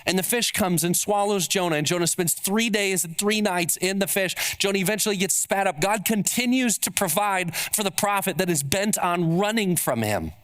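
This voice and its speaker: A man's voice: sits high, moderate pace, hardly any pauses, a bit bright. A man preaching a sermon as pastor, emphatic and building on repeated rhetorical questions.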